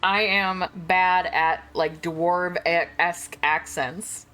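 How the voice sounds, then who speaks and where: Chatty woman streamer, slightly low voice. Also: fairly even intonation, extremely slow, pushed and bright. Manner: chatty, laughs often, swears. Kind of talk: casual gameplay chat and reading game text aloud.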